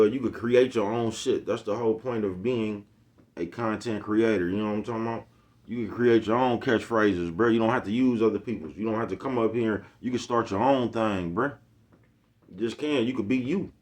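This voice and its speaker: A man's voice: on the low side, darkish tone. A man in his forties, a YouTube host, giving a casual motivational monologue full of streetwise slang and repeated catchphrases. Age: 40s.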